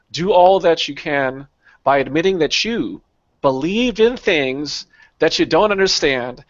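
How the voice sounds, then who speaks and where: A man's voice: fairly high pitch, no room sound, highs cut off. A man hosting a casual talk show, sarcastic and given to long run-on thoughts. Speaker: podcast host. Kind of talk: casual chat.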